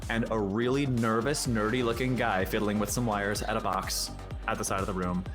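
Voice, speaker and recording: Brief: male game master, easygoing narration, loud music bed under the voice. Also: lowish voice, moderate pace. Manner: relaxed, casual, lots of "like". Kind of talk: narrating a tabletop horror game.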